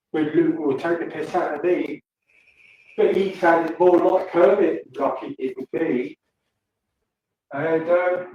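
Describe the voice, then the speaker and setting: Older man, slow, slightly high voice, tired, swearing, echoey room, distant mic. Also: lo-fi sound, slight background noise. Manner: crude, swearing, laughing often. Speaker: livestream host. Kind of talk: rambling casual chat to viewers.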